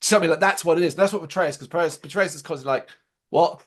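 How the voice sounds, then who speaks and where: Talking rapid-fire, this podcast co-host rants about the show he reviews in a casual, animated way. He is sarcastic, swears freely, and has a voice that sits high for a man.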